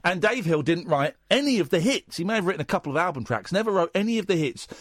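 Lively, animated male radio host. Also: high voice, fast talker, husky, no room sound, studio quality. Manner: animated, jokey, teasing. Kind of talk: casual radio chat. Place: radio studio. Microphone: studio microphone.

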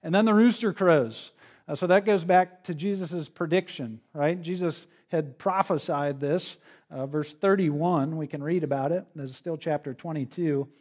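A man's voice: a little high, normal speed, a little mellow. A male pastor preaching an expository sermon in a conversational way, often checking in with the listeners. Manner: conversational, with frequent "right?" tag questions.

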